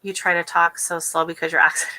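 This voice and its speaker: A woman from the West Coast of the United States hosting a casual gardening livestream, talking quickly and chattily with easy giggles. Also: on the low side, level tone, pushed and bright, rough recording. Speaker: gardening channel host.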